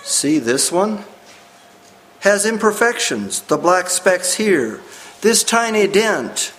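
Man voicing a humble old pearl diver guy, halting simple talk, slow even voice. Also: high voice, a little hiss or hum, pitched above the performer's own voice, exaggerated voice, low-quality recording. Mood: earnest.

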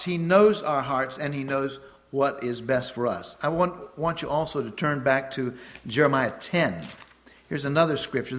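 A man with a slightly high voice preaches a sermon. He talks in a loose, conversational way, telling little stories, trailing off with fillers and starting phrases over, and chuckling at his own anecdotes. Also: fairly bright tone. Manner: conversational storytelling, frequent fillers and restarts.

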